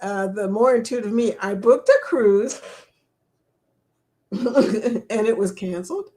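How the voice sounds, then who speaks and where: A woman's voice: mid-range voice, slow pace, warm tone. A woman hosting a casual live-stream chat, reading viewer comments aloud, chatty and laughing often. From England.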